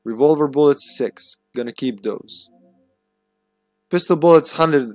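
A man's voice: medium pitch, normal speed, darkish tone, dry recording, faint music behind. Male game streamer, casual thinking-aloud commentary with light laughs; dry, close recording. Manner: musing, chuckling, reads game notes aloud.

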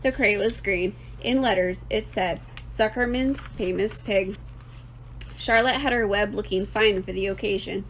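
A woman teacher reading a children's book aloud with clear, expressive storytelling. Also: medium pitch, moderate pace, hardly any pauses, slight background noise.

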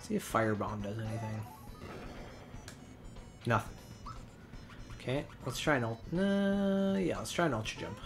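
A man hosting a let's play, calmly explaining his moves as he plays. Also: medium pitch, unhurried, pauses often, over music. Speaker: host playing a video game.

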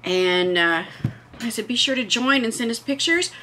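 A woman's voice: fairly high pitch, lively intonation, normal speed, pushed and bright, a little hiss or hum. A woman hosting a casual home vlog, chatting enthusiastically and gushing over what she shows. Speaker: vlog host.

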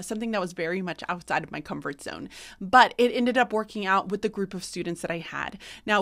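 A woman's voice: mid-range voice, a bit bright. A middle-aged woman teacher talking casually about favorite class books, chatty and enthusiastic, with frequent fillers and restarts. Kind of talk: casual book-recommendation vlog.

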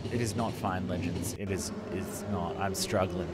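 A man hosting a gaming channel, giving animated let's-play commentary and exclaiming at the screen. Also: low-pitched, normal speed, few pauses, over music. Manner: animated, exclaiming, addresses viewers as legends.

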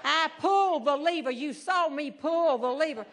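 An older woman, doing animated humorous storytelling as a stand-up comedian on stage. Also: high-pitched, normal speed, noisy background. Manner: animated, acts out voices in her stories. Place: stage before a live audience.

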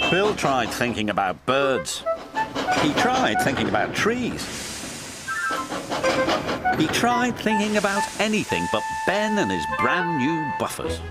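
A man narrating a children's railway story in an expressive, sing-song way. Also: medium pitch, takes it slowly. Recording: loud music bed.

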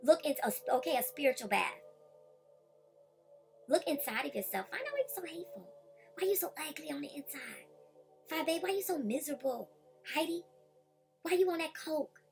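A woman's voice: sits high, expressive, fairly quick, gravelly, long pauses, faint music behind. A woman vlogger ranting heatedly and confronting rivals directly. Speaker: YouTube commentator. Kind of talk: vlog rant.

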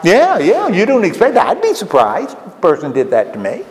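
A man's voice: high voice, huge pitch swings, fairly quick. A man giving a folksy, conversational sermon at a retirement home, often asking his listeners questions. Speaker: lay preacher. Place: common room of a retirement home. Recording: echoey hall with faint background noise.

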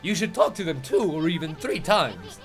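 A man's voice: on the high side, wildly swooping pitch, moderate pace, a bit bright, soft background music, heavily acted. A man doing a jaunty, know-it-all tiny sidekick. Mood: teasing.

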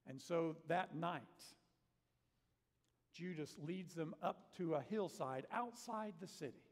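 A man preaching a sermon in a church sanctuary, his fairly high voice ringing out into the long reverb of the hall. He tells the story in a lively, dramatic way and acts out the quoted lines with strong emphasis. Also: slow. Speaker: pastor.

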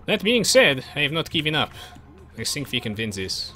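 A man's voice: fairly high pitch, sing-song, normal speed, pushed and bright. A man giving playful, jokey commentary while live-streaming a strategy game, chatting with viewers. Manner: playful, jokey, bursts into silly voices. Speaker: gaming streamer.

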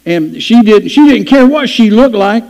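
Folksy preacher in a church hall. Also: male voice, high voice, lively intonation, normal speed, vocal fry, a little mellow. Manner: folksy storytelling with playful acted-out voices. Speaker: pastor. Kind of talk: sermon. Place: church sanctuary. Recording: dull lo-fi church hall recording.

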